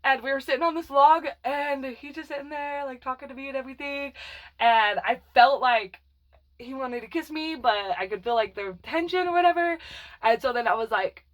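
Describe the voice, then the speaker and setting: A woman with a high-pitched voice tells a personal story in a loose, rambling way. She talks bluntly and swears a lot, with plenty of fillers and restarts. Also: moderate pace, dull audio. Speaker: vlogger telling her life story.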